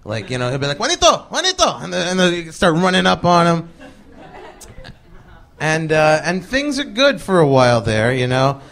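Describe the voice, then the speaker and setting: A male comedian telling a loose, chatty story on stage in live comic style, with lots of fillers and quick voices for the people he quotes, and an audience laughing along. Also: on the high side, sing-song, vocal fry, a bit bright.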